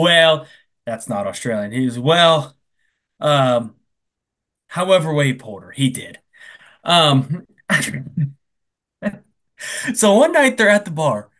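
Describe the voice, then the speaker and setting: A man casually retelling a film plot on a comedy podcast, acting out the characters' lines with quick asides. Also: medium pitch. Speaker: podcast co-host. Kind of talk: casual comedic movie recap.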